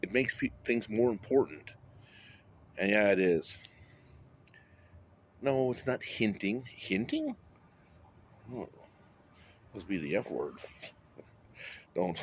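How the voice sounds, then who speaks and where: Low-voiced man rambling and swearing. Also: lively intonation, slow, long pauses, slight background noise. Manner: rambling, wandering, with frequent swearing. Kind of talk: rambling monologue to camera.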